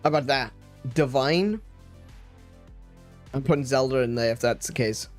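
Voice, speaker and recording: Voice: mid-range voice, normal speed, darkish tone, soft background music. A stream host chatting casually, often restarting sentences and laughing.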